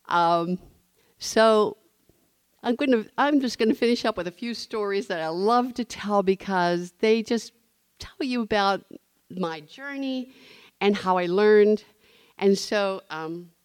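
A woman's voice: mid-range voice, no room sound, clean studio sound. A woman speaking to a recovery meeting, telling her story expressively and acting out the people in it. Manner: expressive storyteller, acting out quoted voices, laughing often. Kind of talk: personal testimony to a group.

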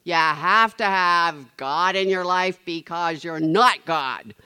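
A woman's voice: lowish voice, takes it slowly, bright, forceful tone, clean tone. A woman voicing a cheerful older man from her recovery group as he gives her advice. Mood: encouraging. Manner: upbeat and encouraging. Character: cheerful older man, a beloved fellow member.

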